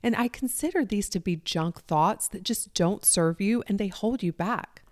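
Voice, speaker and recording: A woman's voice: medium pitch, normal speed, no room sound, clean studio sound. A middle-aged woman from the Southern United States with a country Southern accent, hosting a solo podcast in an earnest, conversational way. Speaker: podcast host, life coach.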